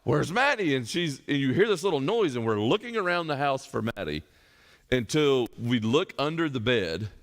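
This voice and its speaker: A middle-aged male pastor teaching a Bible study in a relaxed, conversational sermon. He talks at a middle pitch and leans on homely stories to make his points. His voice carries a long reverb from a church hall. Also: normal speed. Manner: folksy storytelling with illustrations.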